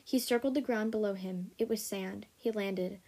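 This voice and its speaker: A woman hosting a story podcast, reading a story aloud in a steady, even way. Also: medium pitch, moderate pace.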